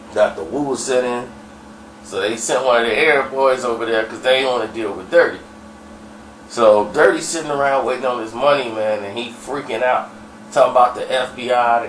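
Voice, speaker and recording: A man's voice: mid-range voice, a bit bright, slight background noise. A man telling a story in a loose, slangy, rambling way. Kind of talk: casual storytelling. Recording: roomy, distant mic, faint ambience.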